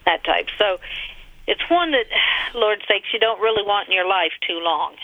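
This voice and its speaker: A woman calls in from her home as a psychic, and her medium-pitched voice comes at a normal speed over a tinny, muffled phone line in an otherwise dry recording. She talks hesitantly, repeats herself, and giggles between readings.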